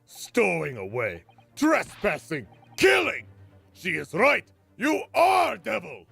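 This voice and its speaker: A man voicing a gruff, blustering ship officer who bellows commands in broken English. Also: sits high, huge pitch swings, takes it slowly, sharp tone, soft background music, voice pushed up, exaggerated voice. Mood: bellowing.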